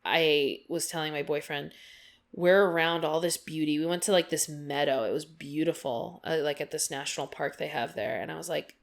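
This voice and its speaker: A woman's voice: low-pitched, steady tone, brisk, vocal fry, hardly any pauses. A young woman speaking casually and candidly, rambling through a personal story with many fillers and tangents. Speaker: art vlogger. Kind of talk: casual personal talk over a speed drawing.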